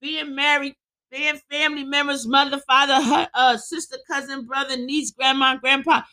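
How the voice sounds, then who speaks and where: A woman preaching with fervor, quoting scripture and shouting as she exhorts her listeners. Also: high-pitched, steady tone, normal speed. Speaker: podcast preacher.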